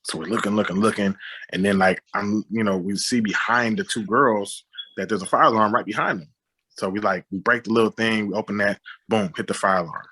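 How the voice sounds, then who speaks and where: Man recounting a story on a podcast, low husky voice, vivid spoken sound effects. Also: fairly even intonation, brisk, pushed and bright. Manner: frequent "you know what I'm saying". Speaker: guest, film director. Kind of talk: telling a personal story on a podcast.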